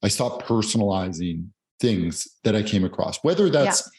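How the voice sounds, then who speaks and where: A man's voice: on the low side, sing-song, normal speed, darkish tone. A man hosting a podcast as a physician, talking in a reflective, earnest way. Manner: reflective, earnest, some repeated words. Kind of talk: conversational podcast interview.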